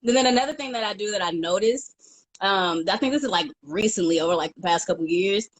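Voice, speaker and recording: A woman co-hosting a casual chat, animated and giggly, acting out her own thoughts. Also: medium pitch, brisk, a little hiss or hum, rough recording. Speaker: podcast co-host.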